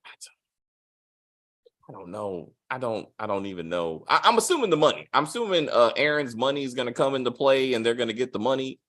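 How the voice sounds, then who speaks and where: A man hosting a casual spoiler review of a TV episode, animated and profane, acting out quotes with big swings in his voice. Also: mid-range voice, a little fast. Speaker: TV review host.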